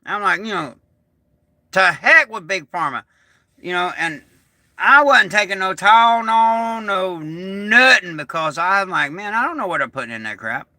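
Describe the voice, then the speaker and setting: Middle-aged male livestream host, folksy storyteller, still getting over being sick, lively up-and-down delivery. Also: sits high, a little slow, no echo, clean studio sound. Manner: folksy, rambling, animated. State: recovering from illness. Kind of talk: casual livestream chat.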